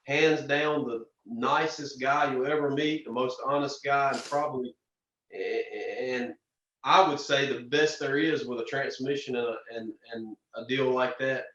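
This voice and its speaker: A man's voice: mid-range voice, unhurried. Man telling stories, distant and roomy. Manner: animated storyteller, frequent restarts and "man". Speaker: drag racer and podcast guest. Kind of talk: casual storytelling interview. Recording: distant, roomy, dull lo-fi sound.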